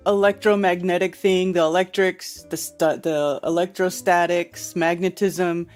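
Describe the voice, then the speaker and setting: A woman's voice: on the low side, fairly even intonation, unhurried, few pauses, a little mellow, faint music behind. Chatty woman host reacting to a clip. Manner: chatty, reacts with laughs and reads out viewer comments. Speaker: livestream host. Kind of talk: casual commentary on a played clip.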